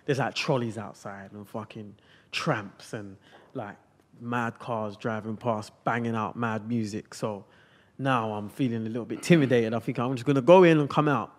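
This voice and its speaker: A man's voice: mid-range voice, fairly even intonation, normal speed. A young man, hosting a podcast and telling a long story in a casual, slang-heavy way. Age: young adult. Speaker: podcast host.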